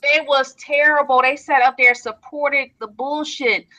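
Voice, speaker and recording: A woman's voice: high-pitched, fairly even intonation, unhurried, sharp tone. A woman hosting a casual discussion, blunt and outspoken in an indignant tone. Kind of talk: casual chat. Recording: dull lo-fi sound.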